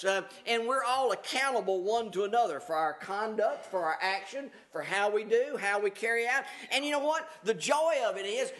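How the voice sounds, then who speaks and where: A man with a notably high voice preaching to his church. He reads old scripture verses aloud, then explains them in a plain, folksy way, often pausing with "uh" and repeating words as he goes. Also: fairly bright tone. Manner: conversational preaching, reading scripture aloud with many fillers. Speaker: pastor. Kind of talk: sermon.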